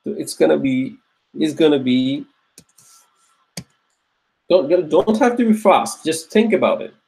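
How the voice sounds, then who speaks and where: A man with a somewhat high voice leads an Arabic grammar class while writing on a board. He drills each word slowly and repeats it several times. He keeps checking in with his students to see that they are following. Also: lively intonation, creaky, mellow. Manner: patient, drills words by repeating them slowly. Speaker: Arabic teacher.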